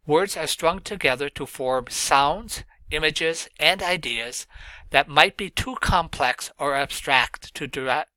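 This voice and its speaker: A male literature lecturer talks through his material in a steady, explanatory way, dropping in "uh" between points. His voice sounds bright and forward. The recording is dry, with almost no room echo. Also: fairly high pitch. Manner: measured explaining with frequent "uh" fillers.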